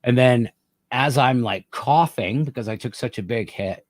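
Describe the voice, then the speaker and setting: A man's voice: mid-range voice, moderate pace, no room sound. A man hosting a podcast, telling a wild story in casual, profane chat. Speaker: podcast host.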